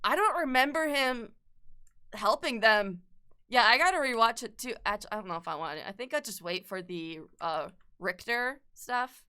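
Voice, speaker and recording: A woman's voice: on the high side, expressive, moderate pace, sharp tone, clean tone. A young woman chatting casually as an art streamer while she sketches, rambling, swearing a lot and laughing often.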